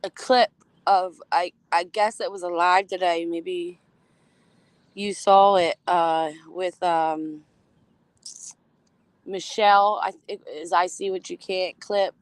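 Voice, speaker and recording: A woman hosting a casual livestream, talking in an unhurried, drawn-out way. Her manner is blunt and gossipy, and she greets chatters by name. The sound is dry and close, with no room echo. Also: lowish voice, steady tone, smooth. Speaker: livestream host.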